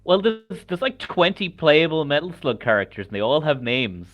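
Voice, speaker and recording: A man's voice: a little high, sing-song, moderate pace, highs cut off. A man co-hosting a gaming podcast in casual chat, enthusiastic and blunt, with casual swearing. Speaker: podcast co-host.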